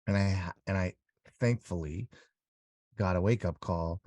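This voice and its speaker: A man in his forties, an interview guest, candidly recounting a hard period of his life with many halting restarts. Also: sits low, a little mellow, no echo. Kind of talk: candid conversational storytelling.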